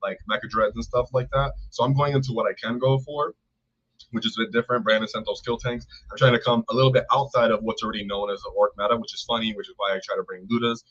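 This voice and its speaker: A man's voice: lowish voice, fairly even intonation, fast talker, fairly bright tone. A man co-hosting a casual live stream, talking enthusiastically, rambling and thanking viewers by name. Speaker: co-host. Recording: dull lo-fi stream audio.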